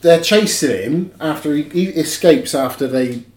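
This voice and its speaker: A man's voice: on the high side, moderate pace. A man co-hosting a podcast, chiming in often and talking over his co-host in casual film chat. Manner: very lively intonation, chimes in and talks over his co-host. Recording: roomy echo.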